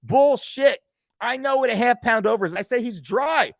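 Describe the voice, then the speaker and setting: A man's voice: extremely high pitch, moderate pace, gravelly, dry recording. A middle-aged man casually telling a heated backstage story, swearing and repeating phrases for emphasis. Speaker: nutrition coach telling a story.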